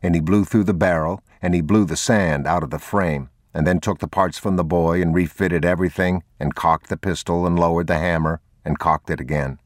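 A male narrator reading a novel aloud with a very deep, low voice and a measured, even pace. The recording is close and completely dry, with no room sound around it. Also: dry recording. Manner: measured, unhurried, even delivery. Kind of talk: scripted audiobook narration.

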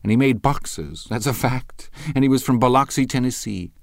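A man's voice: medium pitch, normal speed, vocal fry, no room sound, studio quality, pitched above the performer's own voice, lightly acted. A man reading an audiobook, playing a blunt, impatient wealthy young man with a curt, needling delivery.

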